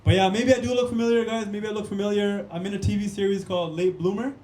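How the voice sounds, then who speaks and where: A man's voice: high-pitched, fairly even intonation, quick pace, darkish tone. A young man, doing a punchy stand-up comedy set on a club stage and talking straight to the crowd. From Canada. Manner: punchy, keeps calling the crowd "guys" and "man". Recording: echoey room.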